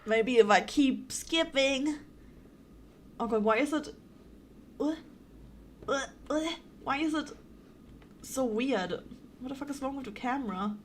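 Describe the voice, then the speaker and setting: Giggly high-voiced German woman streamer. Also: unhurried, pauses often, slight background noise. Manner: playful, giggly, swears often. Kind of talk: casual gaming commentary.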